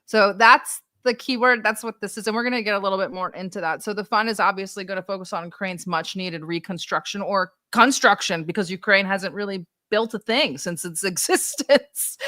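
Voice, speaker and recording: Woman, livestream host, bright voice, dry close sound, wry, explanatory. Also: medium pitch, dry recording. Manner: wry, laughs at own remarks, explanatory. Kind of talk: casual political commentary.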